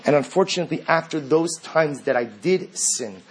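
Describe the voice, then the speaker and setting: A man's voice: fairly high pitch, lively intonation, moderate pace, a little hiss or hum. A man teaching a religious class, earnest and fond of rhetorical questions.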